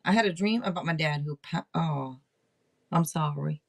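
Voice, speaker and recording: A middle-aged woman hosting a casual livestream tarot reading, rambling and chatting out loud to herself between readings. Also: low voice, moderate pace, gravelly. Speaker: tarot reader and livestream host.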